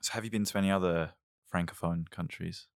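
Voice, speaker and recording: Deep-voiced interviewer, short questions. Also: steady tone, fairly quick, gravelly, no room sound. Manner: brief, low-key questions.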